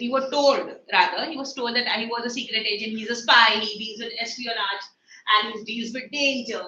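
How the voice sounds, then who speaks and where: Bright-voiced teacher in an echoey classroom. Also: female voice, on the high side, fairly quick, highs cut off. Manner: explains words with everyday examples, chatty. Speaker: English teacher. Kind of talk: classroom literature lesson. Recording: echoey room with faint noise.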